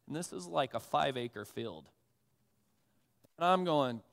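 A man's voice: on the high side, normal speed, creaky, pauses often. Conversational man preaching in a reverberant church. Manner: conversational, animated, self-deprecating. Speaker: pastor. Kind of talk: sermon with personal storytelling. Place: church sanctuary. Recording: long reverb of a church hall.

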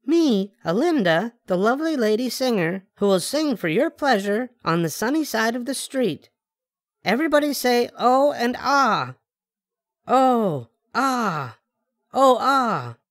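An older man reading a storybook aloud, putting on a high falsetto voice for a bossy, theatrical little girl who fancies herself a star. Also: very animated, measured pace, fairly bright tone, dry recording, clean studio sound, heavily acted. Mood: showy announcing.

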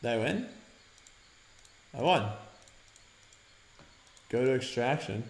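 A young man hosting a let's-play, reading game prompts aloud and breaking into loud, excited shouts. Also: medium pitch, normal speed, long pauses. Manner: energetic, bursts into loud shouts, reads on-screen prompts aloud. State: sore mouth after dental work. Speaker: gaming channel host. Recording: roomy home recording with game music behind.

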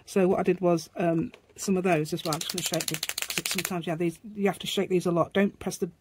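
A woman's voice: lowish voice, fairly even intonation, fast, background noise. A woman chatting casually as she demonstrates a craft, rambling as she works and making asides to her dog. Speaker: craft vlogger.

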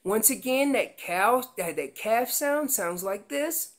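In a very noisy recording, a woman with a fairly high, expressive voice speaks slowly while teaching an elk-calling seminar with slides. She uses everyday comparisons to explain and breaks into loud impersonations of calves and parents.

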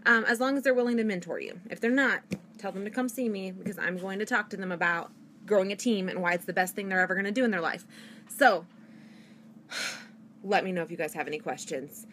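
A young woman who sells products from home, talking fast and gushing with excitement in a live video from her house. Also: medium pitch, a little hiss or hum. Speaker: direct sales consultant. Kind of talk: excited live-stream sales pitch. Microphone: phone or webcam.

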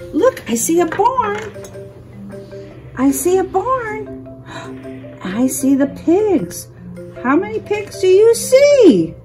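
Very high sing-song woman with music under her. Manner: exaggerated gasps and repetitive sing-song phrasing. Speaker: children's toy play presenter. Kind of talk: sing-song play narration for toddlers.

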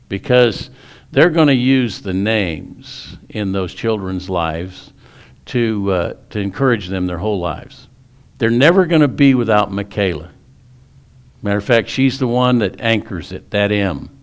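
Male pastor, sermon, folksy storytelling, lowish voice, halting restarts.

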